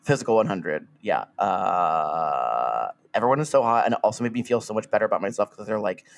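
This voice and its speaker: Rambling, animated male podcast co-host. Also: lowish voice, a little fast, vocal fry. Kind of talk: casual comedy chat.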